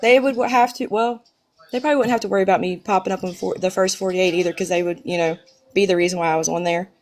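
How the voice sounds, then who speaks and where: A woman calling in, playful and giggly, joking excitedly. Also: medium pitch, fast talker. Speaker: caller.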